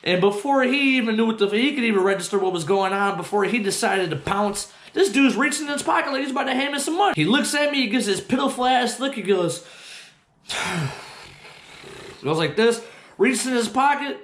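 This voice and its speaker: A man hosting his own show, telling a personal story in a profane, slangy, animated way. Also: very high voice, quick pace, a little hiss or hum. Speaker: host. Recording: roomy echo.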